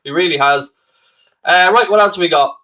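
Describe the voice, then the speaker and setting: Co-hosting a football watchalong stream, a middle-aged man from Ireland chats casually and bants with viewers, teasing them sarcastically. His voice sits on the high side and sounds pushed and bright, at a moderate pace.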